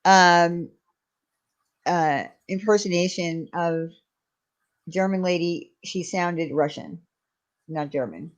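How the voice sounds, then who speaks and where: Soft-spoken woman on a lo-fi call. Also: fairly low pitch, takes it slowly, pauses often. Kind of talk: casual chat. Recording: lo-fi call audio.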